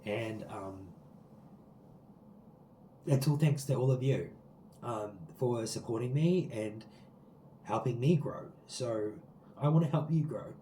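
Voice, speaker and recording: A man's voice: medium pitch, slow pace, long pauses, mellow, reverberant, a little hiss or hum, rough recording. A man giving a spiritual tarot reading to his viewers from outdoors, talking in an earnest, rambling way full of likes and ums. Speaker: tarot card reader. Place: sitting outdoors.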